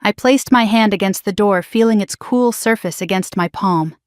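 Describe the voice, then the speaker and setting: Woman narrator, dramatic first-person story, hushed and emotional, dry close mic, middle pitch. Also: moderate pace, no echo.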